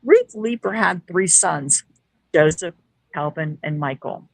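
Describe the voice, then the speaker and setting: Gravelly and on the low side, her voice comes through slowly on poor audio without any echo. The woman is a guest and paranormal investigator, recounting a story informally while animatedly acting out what people said.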